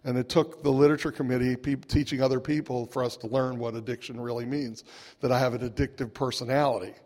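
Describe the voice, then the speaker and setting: With a steady, medium-pitched voice and a darkish tone, this man talks fast as he shares a humorous recovery story at a meeting. He's wry and chuckling, peppering his account with conversational "right?" asides. The sound bounces with a long, echoing hall reverb.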